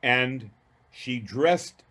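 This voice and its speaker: A man giving a storytelling lecture on a video call, speaking in an animated, emphatic way with frequent restarts. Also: medium pitch, very slow. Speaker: guest lecturer.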